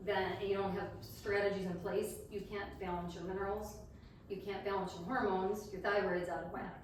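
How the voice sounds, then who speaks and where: A woman's voice: medium pitch, level tone, moderate pace. Chatty woman in an echoey hall. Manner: chatty, laughs at herself. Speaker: health coach. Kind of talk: casual talk to a live audience. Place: large room at a community event. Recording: echoey room, distant mic, faint background noise.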